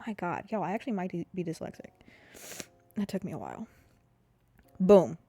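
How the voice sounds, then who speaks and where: A woman's voice: on the low side, very animated, moderate pace, warm tone, husky, no echo. A young woman, hosting a solo podcast in a candid, rambling, casual way, full of "like" and the odd swear word. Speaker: podcast host.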